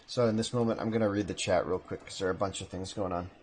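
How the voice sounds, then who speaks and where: A man's voice: low voice, fast, a little hiss or hum. Chatty man casting a strategy game. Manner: relaxed, chatty, self-correcting asides. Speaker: esports caster. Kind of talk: live game commentary. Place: home room.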